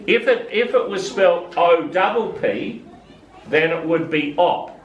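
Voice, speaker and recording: A man teaching phonics to a student, patiently explaining vowel sounds and asking questions. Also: a little high. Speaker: reading teacher. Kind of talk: classroom phonics lesson. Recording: echoey room, from a distance, faint hiss.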